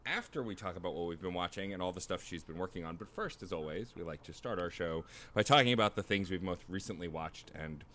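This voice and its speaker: A man co-hosting a casual podcast, upbeat and quick to laugh. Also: deep voice, expressive, fairly bright tone. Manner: upbeat, laughs often, uses fillers. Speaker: podcast co-host.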